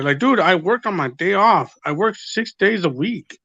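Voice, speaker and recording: Bright-voiced man, rambling casual chat. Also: high-pitched, animated, normal speed, no room sound, highs cut off. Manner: rambling, profane, retells quotes. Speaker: podcast guest.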